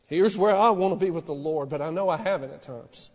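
A man preaching a sermon in a small church, impassioned, swinging from hushed to loud. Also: a little high, fairly quick, big-room sound. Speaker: pastor.

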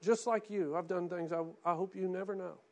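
A man preaching a sermon as pastor, swinging between hushed pleading and loud impassioned cries. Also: high voice, steady tone, a little fast.

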